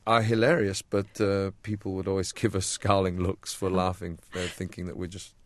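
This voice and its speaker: A man's voice: deep voice, little pitch movement, moderate pace, no room sound. A man, a pianist guest, explaining earnestly and with animation in a studio interview. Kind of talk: casual interview chat. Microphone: studio mic.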